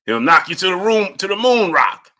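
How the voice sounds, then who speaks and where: Hosting a casual boxing commentary stream, this man speaks at a normal pace in a high-sitting, sharp, very animated voice. He tends to repeat himself and calls out chat viewers by name.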